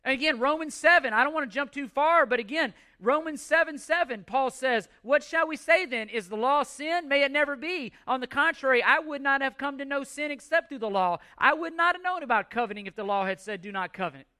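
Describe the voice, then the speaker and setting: A man's voice: very high-pitched, fairly quick, hardly any pauses, bright, forceful tone, no room sound, clean studio sound. A man in his forties preaching a sermon in an emphatic way, asking rhetorical questions and repeating words as he works through his points. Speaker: pastor.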